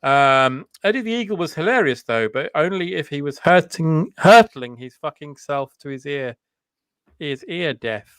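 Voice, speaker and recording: Man, comedy podcast co-host, playful riffing, slightly high voice, lively intonation. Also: moderate pace, clean tone, dry recording. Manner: riffing, playful, mock-broadcaster asides. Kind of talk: casual comic banter.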